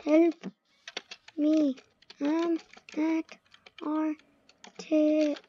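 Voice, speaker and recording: A woman's voice: high voice, level tone, very slow, mellow. A teenage girl chatting casually while playing a game, slipping into whispers and sung bits. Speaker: gamer. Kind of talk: casual gameplay commentary. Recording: dull lo-fi mic with faint noise.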